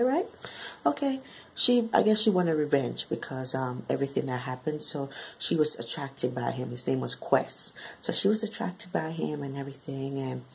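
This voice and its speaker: A woman recapping a novel in a chatty, slangy way, often tagging "right?" onto her sentences and bursting into high exclamations. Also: creaky, darkish tone, slight background noise, rough recording. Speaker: book reviewer. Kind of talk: casual book recap.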